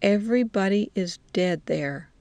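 A woman reading a story voices a group of harsh male soldiers who shout bluntly at an old villager. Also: mid-range voice, lively intonation, a little slow, no room sound. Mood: grim.

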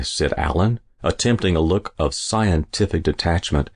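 Deep-voiced man reading a short story. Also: normal speed, hardly any pauses, a little mellow, no room sound, studio quality. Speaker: narrator.

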